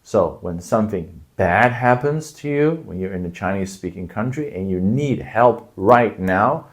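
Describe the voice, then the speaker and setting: A middle-aged man teaches language phrases in a casual video lesson, speaking at normal speed in a fairly low, animated voice. He explains patiently, then breaks into loud acted examples.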